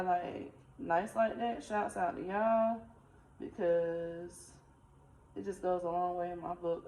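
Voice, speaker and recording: A woman, telling a personal faith testimony in a casual, animated, conversational way. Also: on the low side. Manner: animated, conversational, uses dialect. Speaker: spiritual vlogger. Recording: echoey room, faint ambient noise.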